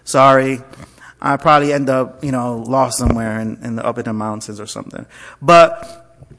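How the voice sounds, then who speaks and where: A man's voice: mid-range voice, fairly quick. A man, a pastor, telling a personal story to his listeners, acting out the dialogue and checking in with frequent asides. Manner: animated storyteller, acts out quoted dialogue, frequent "okay?" asides.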